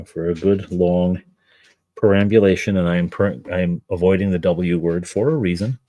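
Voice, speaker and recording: Middle-aged man, very low voice, dry close sound, rambling casual stream chat. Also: mellow, no echo. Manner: chatty and rambling, talks to his dog and to chat. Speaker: miniature painting streamer.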